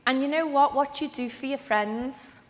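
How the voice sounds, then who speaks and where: A woman, giving a lively, chatty motivational talk on stage at a business event. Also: sits high, moderate pace. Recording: long reverb of a large hall.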